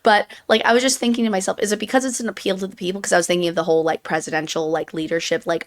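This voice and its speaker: A woman's voice: medium pitch, fairly even intonation, very fast, few pauses. A woman co-hosting a casual chat, wandering off on tangents with self-deprecating laughs. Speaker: podcast co-host.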